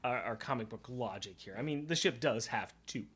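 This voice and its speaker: A man's voice: medium pitch, a little fast, fairly bright tone, slightly rough. A man co-hosting a casual comic book podcast, recapping the story with sarcastic jokes and mock challenges. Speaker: podcast co-host. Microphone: podcast microphone.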